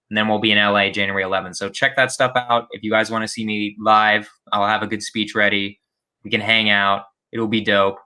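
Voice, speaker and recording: A young man hosting a podcast interview, upbeat and energetic, often tagging his points with "right?". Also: lowish voice. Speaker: podcast host. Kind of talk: casual interview chat.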